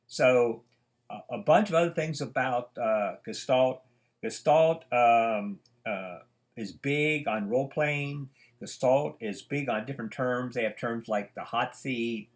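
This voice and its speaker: An older man teaching psychology in a loose, rambling lecture style at home, full of fillers, restarts and side stories. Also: mid-range voice. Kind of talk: informal lecture.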